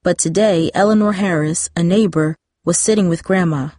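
Low-voiced woman reading a story. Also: moderate pace, darkish tone, no room sound, clean studio sound. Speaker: narrator. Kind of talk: storybook narration.

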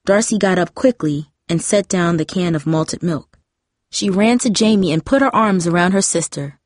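A woman narrating an audiobook in a gentle, even storytelling manner. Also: on the low side, moderate pace, no room sound, studio quality. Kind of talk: audiobook reading.

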